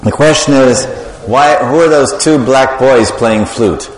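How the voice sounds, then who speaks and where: A man's voice: mid-range voice, a little slow. Man telling a devotional story in a hall. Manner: animated storyteller, quizzes the audience, laughs often. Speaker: preacher. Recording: echoey hall with long reverb.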